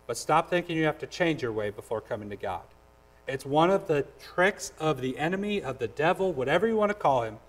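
A man's voice: a little high, animated, fairly quick, poor audio. A man preaching a sermon as pastor, direct and earnest, with repeated phrases and voices acted out in a story. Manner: acts out voices in a told story.

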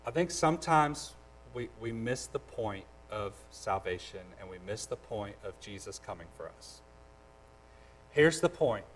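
A man's voice: lowish voice, animated, a little slow, rough recording. A man preaching a sermon as pastor, direct and earnest, with repeated phrases and voices acted out in a story. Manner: acts out voices in a told story.

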